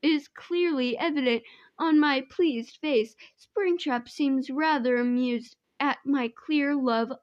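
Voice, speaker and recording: A young woman with a high voice reads a fanfic aloud, often slipping into giggles. The sound is dry and dull, a lo-fi home recording. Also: slow, no room sound. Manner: giggly, often breaks into laughter. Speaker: fanfic reader. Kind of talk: casual fanfic reading aloud.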